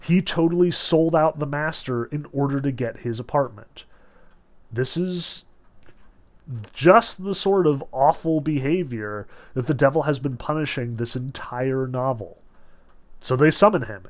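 A man's voice: a little high, measured pace. A man reading aloud from a novel and explaining it, blunt and casual in his asides, raising his voice when he quotes the characters. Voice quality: animated, swings into raised voices when quoting characters. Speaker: literature lecturer.

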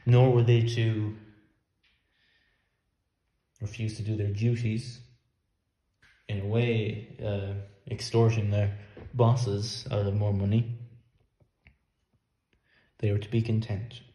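A man's voice: fairly low pitch, flat delivery, takes it slowly, pauses often, warm tone. A man preaching a sermon in an earnest, emphatic way, sometimes repeating words as he works through a point. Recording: echoey room.

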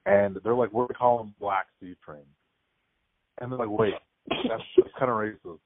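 A young man chatting casually as a podcast guest, telling stories quickly and filling his talk with "like". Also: on the low side, fairly even intonation, dry recording. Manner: rapid storytelling, frequent "like" fillers. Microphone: remote call. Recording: tinny phone-like call audio.

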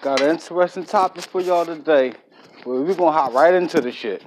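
A man's voice: a little high, fairly quick, background noise. Sex: man. Role: slangy, boastful podcast host. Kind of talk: casual solo podcast monologue. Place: at work while recording.

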